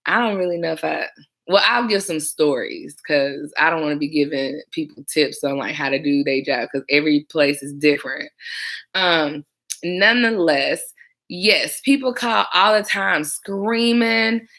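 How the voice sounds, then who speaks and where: Chatty woman, bright voice. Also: sits low, a little slow. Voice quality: smooth, calm voice. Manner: chatty, animated, acts out callers' screams. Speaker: former 911 dispatcher vlogger. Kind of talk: casual chat, storytelling to camera.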